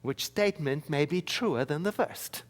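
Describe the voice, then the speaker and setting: A man's voice: a little high, a little slow. A man giving a sermon as minister, telling personal stories with wry, self-mocking humor. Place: church.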